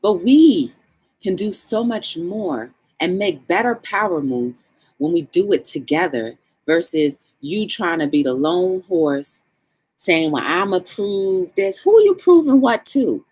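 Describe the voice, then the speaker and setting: A woman's voice: on the low side, measured pace, breathy edge. A woman hosting a livestream talk show, chatting casually and encouraging her viewers. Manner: animated, encouraging, greets chat viewers.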